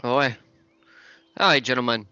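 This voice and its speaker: Bright-voiced man playing a tabletop game. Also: medium pitch, slow pace, smooth, no room sound. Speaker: player. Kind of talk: in-character tabletop play. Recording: slightly muffled, dry audio.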